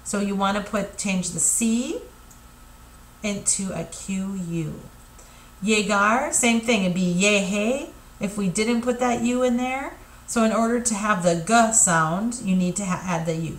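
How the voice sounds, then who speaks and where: A woman's voice: mid-range voice, echoey room. A woman teaching a recorded Spanish lesson, explaining patiently with frequent fillers and checks for understanding.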